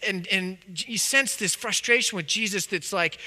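A man's voice: high voice, moderate pace, few pauses, sharp tone. A man preaching a sermon in a loose, conversational way, full of fillers and restarts. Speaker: pastor.

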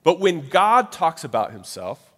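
A man preaching a sermon in a loose, chatty way, often tossing in quick tag questions to his listeners. His voice sits a little high for a man. It rings out with a long reverb, like a church hall. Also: very animated, fairly bright tone. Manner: conversational, frequent "right?" tag questions.

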